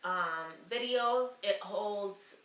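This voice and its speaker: A woman's voice: medium pitch, drawn-out words, a bit bright, reverberant, recorded from a distance, low-quality recording. A woman guest on a casual podcast, explaining spiritual ideas in a rambling way, searching for words and laughing often. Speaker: guest, Akashic Records reader.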